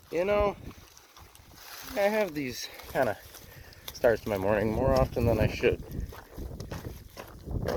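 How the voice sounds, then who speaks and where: A man's voice: medium pitch, noisy background. A man out of breath, talking casually to his viewers as he starts a farm workday, self-mocking and rambling. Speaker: farmer vlogger. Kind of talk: casual vlog narration while working. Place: outdoors on a farm, in and around a tractor.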